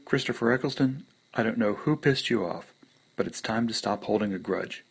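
Gravelly low-voiced man reading a story. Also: moderate pace. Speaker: podcast contributor. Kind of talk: reading his own story.

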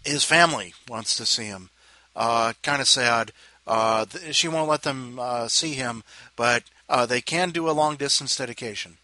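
This man hosts a show and introduces readers with rambling, casual talk, often interrupting himself, joking on the side and apologizing. He speaks at a moderate pace in a medium-pitched, sharp-toned voice, with no room sound.

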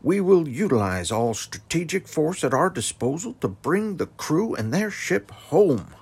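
A man voicing a stern male president giving a forceful speech to the nation in a husky, gravelly voice. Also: fairly high pitch, sing-song, measured pace, pitched above the performer's own voice, full character voice. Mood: stern resolve.

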